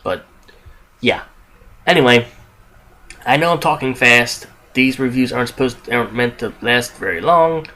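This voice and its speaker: A man's voice: mid-range voice, moderate pace, long pauses, sharp tone. A young man casually reviewing a film on his podcast, rambling with frequent restarts, asides and casual swearing. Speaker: movie reviewer, podcast host.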